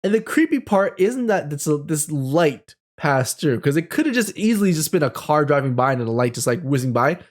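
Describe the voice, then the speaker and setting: A man in his thirties telling a personal ghost story as host, animated and full of fillers. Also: on the high side, moderate pace, hardly any pauses. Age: 30s.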